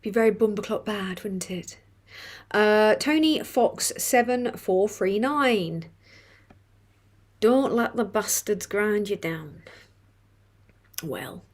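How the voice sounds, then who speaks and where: A woman hosting a casual live stream, reading chat comments aloud with swearing and laughter. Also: mid-range voice. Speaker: livestream host reading chat.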